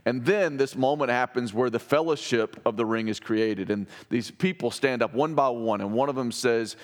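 A man preaches a sermon to his church in a relaxed, conversational way, often restarting phrases and adding fillers. His voice sits at a middle pitch. The sound carries a long reverb from the church hall. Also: normal speed. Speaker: pastor. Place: church sanctuary.

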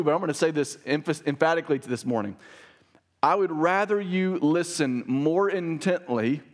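A man preaching a sermon as pastor, earnest and emphatic, pushing up on stressed key words. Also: on the high side. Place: church sanctuary.

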